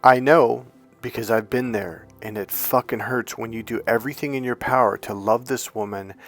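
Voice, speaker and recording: Male dating coach, mid-pitched, emphatic, swears freely, faint music underneath. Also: fairly even intonation, moderate pace, a bit bright. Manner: emphatic, profane, with lots of restarts and acted-out quotes. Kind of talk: sales pitch for a course.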